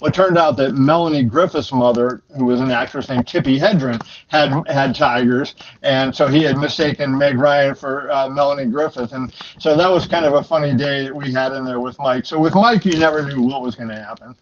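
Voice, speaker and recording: A middle-aged man, a boxing journalist, telling long anecdotes in a relaxed, rambling way with many fillers. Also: mid-range voice, a little fast, hardly any pauses. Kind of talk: conversational storytelling. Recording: slightly dull lo-fi sound with faint noise.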